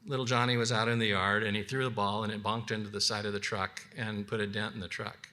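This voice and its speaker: A man's voice: on the low side, flat delivery, pushed and bright. A man teaching a biblical counseling class in a conversational way, with frequent restarts, acting out the counseling conversations he describes. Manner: conversational, acts out counseling dialogues; halting restarts and repeated words. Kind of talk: unscripted teaching session.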